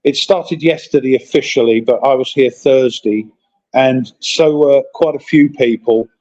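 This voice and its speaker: A man's voice: mid-range voice, unhurried, darkish tone, lo-fi sound. A man in casual chat, telling rambling stories while calling in from a convention hotel. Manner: rambling, chatty storytelling.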